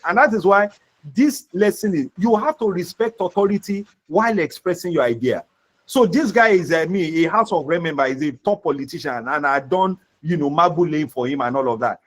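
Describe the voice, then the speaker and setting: A man with a Nigerian accent teaching a soft-skills class as a vocational trainer, repeating key points and acting out sample dialogues. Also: fairly high pitch. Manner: repetitive, acts out example dialogues.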